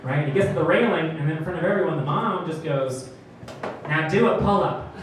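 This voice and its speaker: A man's voice: a little high, fast, very noisy. A young man doing a stand-up comedy set, telling stories animatedly and acting out characters. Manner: animated storytelling, acts out characters. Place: comedy club stage before a laughing crowd. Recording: distant roomy club recording, crowd laughter.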